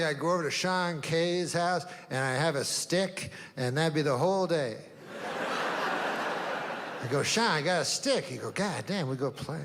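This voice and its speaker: A man doing a stand-up routine on a comedy stage, deadpan and rambling, with long setups. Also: on the high side. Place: comedy stage before a live audience. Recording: long hall reverb, faint noise.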